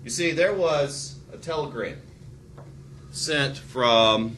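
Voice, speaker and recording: A man teaching a recorded history lesson, animated and prone to sarcastic asides. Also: mid-range voice, slow pace, slight background noise.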